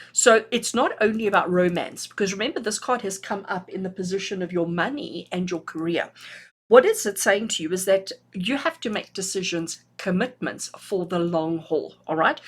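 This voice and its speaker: A woman with a husky, slightly breathy voice reads tarot cards for her viewers with warm enthusiasm. She sits at a middle pitch and keeps checking in with a quick "okay?" or "all right?". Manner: acts out little quoted voices. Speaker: tarot reader. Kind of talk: tarot reading to camera.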